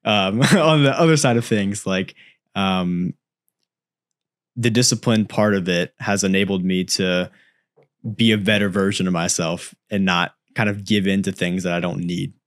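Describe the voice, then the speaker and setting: Young man with a low, dry voice. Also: a little slow, no echo. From United States, Italian family. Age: young adult. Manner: easygoing, laughs often, earnest. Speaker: podcast guest. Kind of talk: casual chat.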